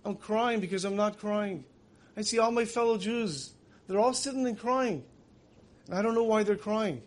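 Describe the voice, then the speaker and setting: A man's voice: high voice, moderate pace, lightly acted. Man voicing a bewildered young soldier. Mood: plaintive. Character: young male soldier, bewildered and moved to tears.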